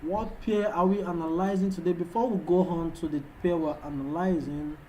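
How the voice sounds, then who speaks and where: A man's voice: on the high side, steady tone, moderate pace, mellow, a little hiss or hum, low-quality recording. A Nigerian man whose first language is Yoruba, hosting a trading livestream and hyping up viewers with repeated calls while putting on a foreign-sounding English accent. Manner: hyped, repetitive calls to viewers. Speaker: livestream host, trading analyst. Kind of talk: live-stream chat with viewers.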